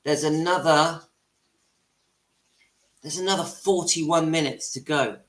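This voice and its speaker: A man's voice: fairly high pitch, takes it slowly, a bit bright. A man hosting his channel, speaking earnestly and with emotion straight to his viewers. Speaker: channel host. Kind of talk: livestream monologue to viewers. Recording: echoey room.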